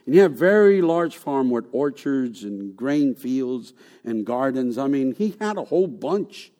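A man preaching a sermon in an animated way. He asks rhetorical questions and repeats words for emphasis. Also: mid-range voice, measured pace. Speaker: pastor.

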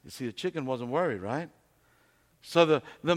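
A man's voice: medium pitch, animated, moderate pace, pauses often. A man preaching a sermon in a conversational way, telling stories and asking rhetorical questions in a church hall. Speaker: pastor. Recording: long hall reverb.

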